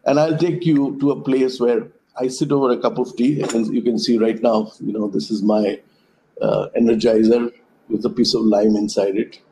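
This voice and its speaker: A man speaks at an even middle pitch with a soft, mellow tone. He gives a reflective talk over a web call. He unfolds his ideas slowly through stories and metaphors. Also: a little hiss or hum, rough recording. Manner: thoughtful storyteller, speaks in metaphors. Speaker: conference speaker. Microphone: web conference call.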